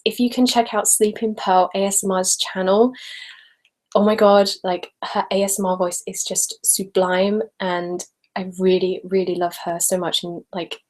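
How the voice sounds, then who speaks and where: During a casual live webcam hangout at home, an ASMR host talks in her everyday voice instead of whispering, laughing a little and saying um and like constantly as she goes through comments. The young woman's voice is medium in pitch and a bit mellow, though the audio quality is poor.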